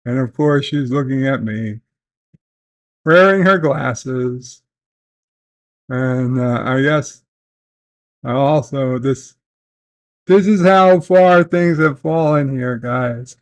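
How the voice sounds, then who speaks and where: A man vlogging from home, telling a family story in a slow, halting way with many fillers and restarts. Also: mid-range voice. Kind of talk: casual storytelling. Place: at home, in bed.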